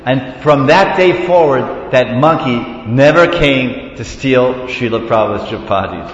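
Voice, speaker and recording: A man giving a devotional scripture class, reading passages and retelling stories in an animated way. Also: unhurried. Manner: storytelling, switches between reading and animated retelling. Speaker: lecturer on scripture. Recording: echoey hall, dull low-fi sound.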